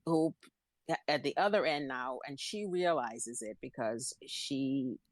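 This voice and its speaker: A woman's voice: rumbling low, lively intonation, a little slow, dry recording. A woman co-hosting a podcast, giving emphatic, opinionated commentary in casual chat. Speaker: podcast co-host.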